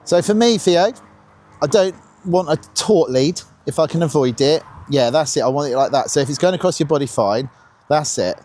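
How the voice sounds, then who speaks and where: A man's voice: a little high, normal speed. A man coaching dog owners on a walk outdoors, instructive and encouraging. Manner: encouraging, instructive, lively sing-song praise. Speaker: dog trainer. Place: outdoors on a path.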